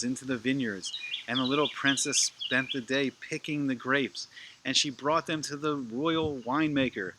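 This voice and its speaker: A man tells a children's bedtime-style story in a bright, lively voice, stopping now and then for playful asides to his young listeners. A faint hum runs behind the recording. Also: mid-range voice.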